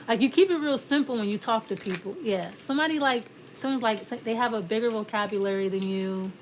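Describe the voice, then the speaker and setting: A woman's voice: on the high side, fairly quick, a little hiss or hum. A woman giving a casual, rambling tarot reading, often restarting her sentences and acting out imagined back-and-forth exchanges. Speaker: tarot reader.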